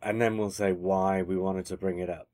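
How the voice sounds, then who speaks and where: A man's voice: low-pitched, little pitch movement, moderate pace, mellow, no echo, studio quality. A man co-hosting a podcast, chatting casually and often correcting himself mid-sentence. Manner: chatty, self-correcting, teasing. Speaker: podcast co-host. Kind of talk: casual chat.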